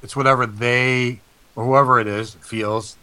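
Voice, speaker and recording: Bright-voiced male psychic host. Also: medium pitch, fairly even intonation, measured pace, smooth, no echo. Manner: rambling, filler-heavy. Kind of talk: casual storytelling.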